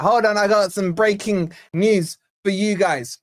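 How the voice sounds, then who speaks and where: On his live football fan stream, a tired young host who hasn't slept enough delivers brash, mocking, excitable banter. He speaks at a measured pace in a high voice. The audio is studio quality without echo.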